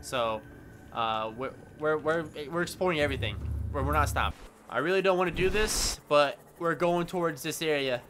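A man's voice: fairly high pitch, moderate pace, background noise. A man giving casual gameplay commentary, rambling with stammering restarts and yelping in panic when startled. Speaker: gaming YouTuber. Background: game music.

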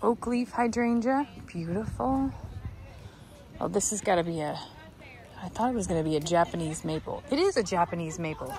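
A woman's voice: on the low side, animated, moderate pace, darkish tone. A woman chatting casually while browsing an outdoor garden center and talking to plants. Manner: chatty, talks to plants and a dog. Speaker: vlogger. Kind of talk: casual walking vlog.

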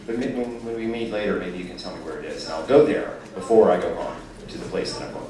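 A man's voice: low-pitched, quick pace. A man from the United States taking audience questions at a live event, joking and mocking himself. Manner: joking, wry, self-mocking. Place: large hall with a live audience. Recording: echoey hall, distant mic, loud crowd noise.

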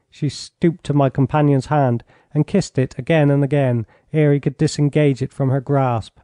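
A man narrating an audiobook in a measured, even storytelling manner on a close studio mic. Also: mid-range voice, no room sound. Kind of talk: scripted narration.

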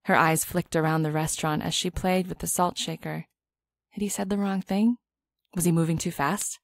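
A woman narrating an audiobook in a calm, steady storytelling voice. Her pitch sits on the low side, and the recording is close and dry with no room sound. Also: normal speed, gravelly, no echo. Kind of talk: scripted narration.

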